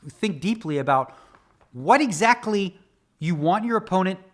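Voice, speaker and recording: A man walks through his own poker hands like a teacher, always turning back to the viewer with another question. His voice sits slightly high and swings widely in pitch, lively and conversational. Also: unhurried. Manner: quizzes viewers with rhetorical questions. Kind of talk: spoken hand-analysis lesson.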